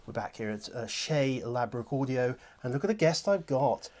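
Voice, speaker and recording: Male host, mid-pitched, chatty and self-deprecating, casual studio interview. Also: lively intonation, moderate pace, a little mellow. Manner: jokey, chatty, laughs easily. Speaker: host and audiobook producer. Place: recording studio.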